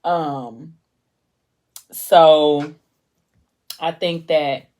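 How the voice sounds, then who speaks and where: Low-voiced woman chatting about a book. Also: fairly even intonation, drawn-out words, a little mellow. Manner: chatty, meandering retelling with many fillers. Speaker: vlogger discussing a book. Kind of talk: casual book recap.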